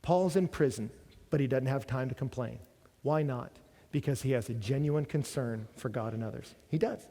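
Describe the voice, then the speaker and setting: A man preaches a sermon to a college ministry gathering, mixing stories and rhetorical questions in a conversational style. His medium-pitched voice has a dark tone and a moderate pace, and the recording carries the long reverb of a large hall.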